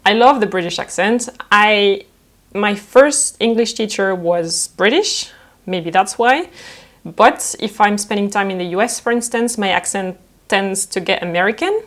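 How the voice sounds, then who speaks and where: A young woman from France, who speaks French as her first language, talks through viewer questions in a casual vlog. She is playful and quick to laugh. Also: medium pitch. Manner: lively, laughs often, playful. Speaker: fashion designer and vlogger.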